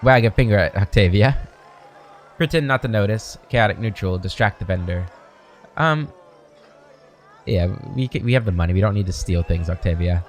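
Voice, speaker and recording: A man narrating a video game playthrough, reading the on-screen text aloud slowly with casual asides. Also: fairly low pitch. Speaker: game streamer.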